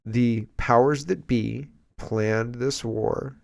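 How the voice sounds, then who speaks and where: Canadian guy doing casual politics commentary, rambles and thinks out loud, middle-pitched voice. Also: a little fast. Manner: chatty, digressive, thinking aloud.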